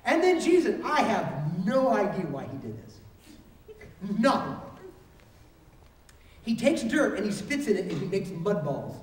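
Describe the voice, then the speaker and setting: A man preaching a sermon, telling a story in an animated way and acting out the voices of its people. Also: sits high, a little slow, long pauses. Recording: roomy hall recorded from a distance.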